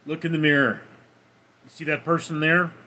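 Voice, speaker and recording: A man's voice: a little high, little pitch movement, normal speed, pushed and bright. A man putting on an accented pep talker. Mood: urging. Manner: preachy, urgent motivational delivery. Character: man giving a pep talk in a put-on accent.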